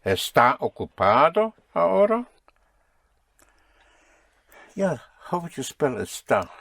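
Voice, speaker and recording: Slow, patient male language teacher. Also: a little high, sing-song, gravelly, a bit bright, no room sound. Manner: patient, drills and corrects students. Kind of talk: spoken language lesson.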